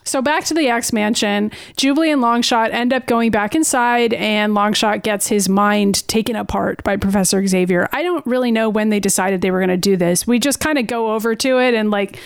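Chatty woman with a smooth, dry voice. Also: mid-range voice, no room sound. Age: 30s. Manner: chatty, acts out characters' lines in quick put-on voices. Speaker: podcast co-host. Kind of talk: casual chat recapping a cartoon.

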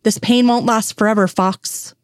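A woman reading the lines of a calm, kindly middle-aged priest who speaks quietly and pleasantly. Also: on the high side, normal speed, clear, resonant tone, no room sound, clean studio sound, natural voice. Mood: gentle.

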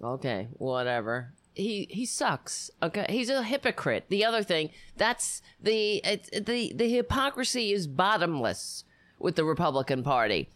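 A woman's voice: on the low side, sing-song, measured pace, fairly bright tone, no echo. A woman hosting political commentary, indignant and sarcastic, stumbling over restarts as she rants.

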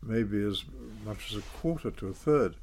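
An older man, telling his story in a measured, self-deprecating way in an interview. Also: on the low side, expressive, darkish tone, a little hiss or hum. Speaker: interview guest, former politician. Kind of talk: reflective storytelling.

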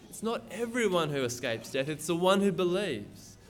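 A man's voice: high voice, very animated, moderate pace. A man preaching a sermon, reading scripture aloud and explaining it in an earnest, emphatic way. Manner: earnest, emphatic, repeats words when stressing.

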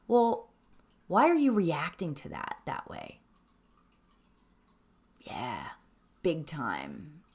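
A middle-aged woman teaching meditation, chatting with animated reflection and then guiding breathing in a calm, soft voice. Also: lowish voice, slow, long pauses. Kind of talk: casual talk leading into guided meditation.

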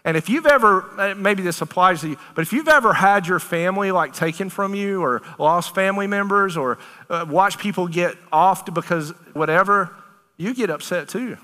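Male preacher, bright and forceful, emphatic and conversational, long hall reverb. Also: high voice, normal speed. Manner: animated, emphatic, conversational preaching with Southern turns of phrase. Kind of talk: sermon.

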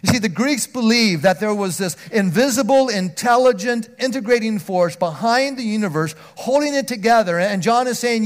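High-voiced man preaching with big swings. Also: expressive, moderate pace, hardly any pauses. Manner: earnest, with frequent restarts and swings from loud emphasis to near hush. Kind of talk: sermon.

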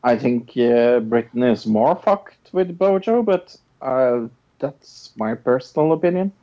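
With a warm, mid-range voice that is animated yet a little slow, this podcast co-host chats casually. He hesitates a lot, restarting and repeating words amid filler sounds, and the recording is dull and lo-fi.

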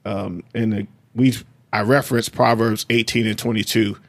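A man's voice: fairly low pitch, creaky, no echo. A man co-hosting a faith podcast, talking earnestly and quoting scripture like a preacher. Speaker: podcast co-host. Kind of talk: faith-based podcast talk.

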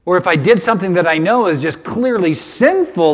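High-voiced emotional older male preacher. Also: fairly quick, few pauses. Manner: emotional, animated preaching with repetitions. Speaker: pastor. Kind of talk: sermon.

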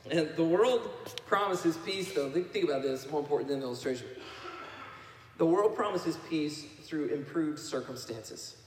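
A man preaching a sermon to his congregation, telling a story with laughs and sudden loud bursts. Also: on the high side, lively intonation, moderate pace, far from the mic, a little hiss or hum. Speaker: pastor. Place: church sanctuary. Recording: echoey hall, picked up from afar.

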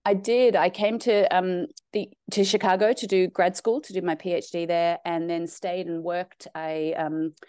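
Interviewgast, weiblich, australischer Akzent, sehr tiefe Stimme, trockene Aufnahme. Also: female voice, fairly low pitch, little pitch movement, mellow, smooth, no echo, clean studio sound. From South Africa. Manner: friendly and chatty, quick to laugh. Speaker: guest, New Testament professor. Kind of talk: casual interview conversation.

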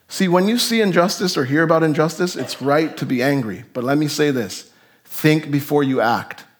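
A man preaching a sermon as pastor, animated, his voice jumping up for emphasis and then dropping low. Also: moderate pace. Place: church sanctuary.

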